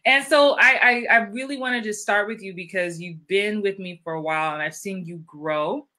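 A woman's voice: medium pitch, normal speed, pushed and bright. A woman hosting a live-streamed interview as an acting coach, upbeat and chatty, greeting viewers by name.

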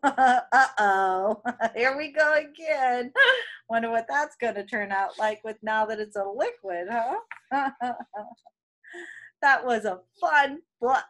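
A woman from an elementary school reading a picture book aloud to children, with playful, expressive asides and chatty comments. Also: fairly high pitch, slow pace, pauses often. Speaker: elementary school staff member.

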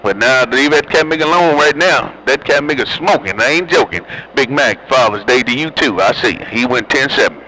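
Man, CB radio operator, slangy teasing chatter, bright forceful voice, faint hiss. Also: medium pitch, lively intonation, fairly quick, few pauses, poor audio. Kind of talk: casual CB radio chat.

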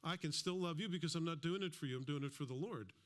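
A man's voice: a little high, quick pace, a bit bright. A man preaching a sermon as a pastor, in a conversational style with asides and acted-out quotes. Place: church.

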